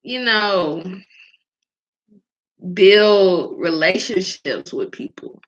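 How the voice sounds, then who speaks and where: A medium-pitched, animated woman draws out her words while hosting her faith podcast. Casual and candid, she uses many fillers and laughs often, and the lo-fi recording sounds dull.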